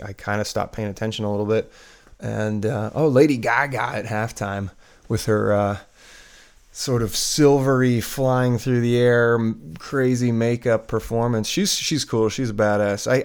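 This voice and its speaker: A man's voice: fairly low pitch, vocal fry, a little mellow. A man hosting a solo podcast, rambling and restarting his sentences with lots of fillers. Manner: rambling, self-interrupting, with many fillers. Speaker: podcast host.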